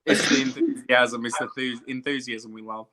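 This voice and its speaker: Casual chat: a bright, tense voice that teases in a deadpan way. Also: mid-range voice, normal speed.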